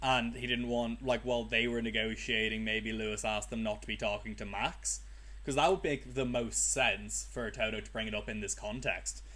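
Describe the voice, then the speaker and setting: A man's voice: fairly low pitch, fairly even intonation, normal speed, bright, forceful tone. A young man co-hosting a podcast, thinking aloud in a casual, rambling way with frequent ums. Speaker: podcast co-host. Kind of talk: casual chat.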